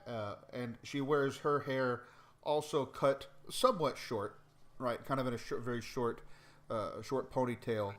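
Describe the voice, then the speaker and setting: A man's voice: medium pitch, fairly even intonation. Hesitant man running a tabletop game. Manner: halting, many fillers and restarts. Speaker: game master.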